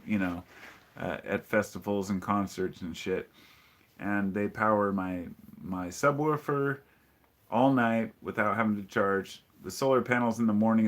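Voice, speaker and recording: A man hosting a casual live-stream podcast, rambling and opinionated as he greets viewers and answers their chat messages. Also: fairly low pitch. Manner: opinionated, frequent ums and restarts.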